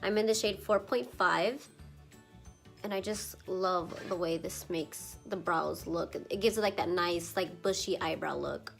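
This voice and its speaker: A woman's voice: on the low side, unhurried, creaky, faint music behind. A young woman doing a chatty makeup tutorial, a little congested from allergies, with lots of filler words and some casual swearing. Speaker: beauty vlogger.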